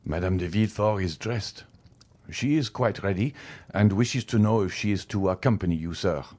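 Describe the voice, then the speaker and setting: A man's voice: fairly low pitch, normal speed, a little mellow, lightly acted. A man voicing a deferential household valet who answers politely in a subdued voice in an audiobook.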